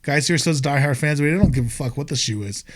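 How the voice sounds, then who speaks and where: A man's voice: on the high side, quick pace. A young American man, a guest on a podcast, chatting casually in a rambling, profane, laid-back way. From United States. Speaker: podcast guest, skate filmer and wrestler.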